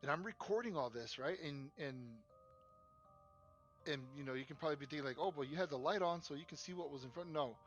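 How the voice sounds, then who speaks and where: A young man co-hosting a podcast, casually telling a story in an animated, profane way and acting out what people said. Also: a little high, fairly quick, lo-fi sound, faint music behind. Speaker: podcast co-host.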